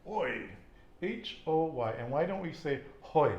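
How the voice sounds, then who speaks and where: A man's voice: fairly high pitch, lively intonation, normal speed, a little mellow, roomy sound, lo-fi sound. A man teaching a casual Spanish lesson, patiently quizzing his student with questions.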